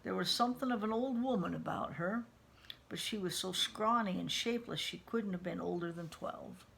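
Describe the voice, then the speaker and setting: A woman's voice: mid-range voice, moderate pace, creaky, a bit bright, slight background noise. A woman reading a first-person novel aloud, stopping now and then to comment in a casual way. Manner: unpolished reading, stops to comment. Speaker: reader of a novel.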